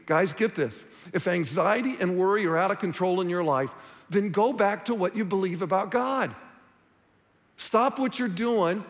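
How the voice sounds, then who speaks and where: A man's voice: high-pitched, big-room sound. A man preaching a sermon as pastor, talking to the congregation in a conversational, direct way.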